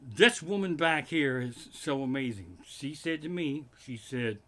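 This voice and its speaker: A man doing a profane stand-up routine from his living room, ranting in loud swearing bursts. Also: medium pitch, animated, a little slow, hardly any pauses. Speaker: stand-up comedian.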